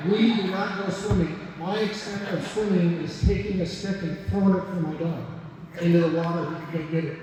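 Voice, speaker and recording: A man's voice: high-pitched, fairly even intonation, fairly quick, recorded from a distance, background noise. Joking older man in an echoey hall. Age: 70s. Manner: joking, teasing the audience. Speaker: AA guest speaker. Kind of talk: recovery meeting share. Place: meeting room.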